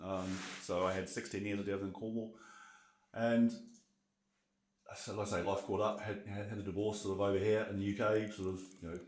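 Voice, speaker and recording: A man in his forties with a New Zealand accent tells his story in a relaxed podcast chat, quick and full of fillers. His voice sits very low. The room gives it a noticeable echo. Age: 40s. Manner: candid, reflective storytelling with many fillers. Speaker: guest, burnout coach. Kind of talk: casual podcast interview.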